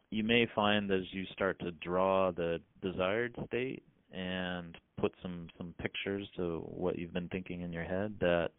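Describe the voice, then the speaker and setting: Brief: man as a calm author guest, deep and monotone, dry phone-quality audio. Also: no echo. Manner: measured, explains step by step. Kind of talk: explanatory interview answers.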